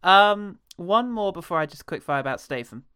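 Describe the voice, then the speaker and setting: A man's voice: high voice, animated, normal speed, sharp tone, clear, resonant tone, dry recording, studio quality. A man co-hosting a casual film-review podcast, jokey, laughing often and swearing freely. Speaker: podcast co-host.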